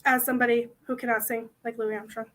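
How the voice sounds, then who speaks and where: A woman's voice: on the high side, little pitch movement, fast talker, a bit bright. A young woman hosting a convention panel, chatting casually to the audience in a rambling, self-mocking way.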